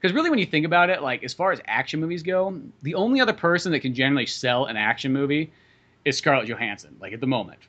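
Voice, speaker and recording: A man talks quickly and with a bright, forceful edge in a loose podcast conversation about films. He rambles, restarts his sentences and swears freely. His voice sits a little higher than most men's. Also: muffled recording. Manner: rambling, animated, heavy swearing. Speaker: podcast co-host. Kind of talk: casual movie chat.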